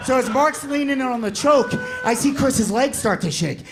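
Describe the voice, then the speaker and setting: A male stand-up comedian telling a story with animated delivery, acting out shouting characters. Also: very high voice, moderate pace, vocal fry, over music, crowd noise.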